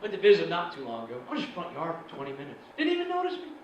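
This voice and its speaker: A man's voice: fairly high pitch, huge pitch swings, rapid-fire, slight background noise. A man doing a stand-up routine in a comedy club, telling a story and acting out the other people in it. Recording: echoey club, far mic, crowd laughter.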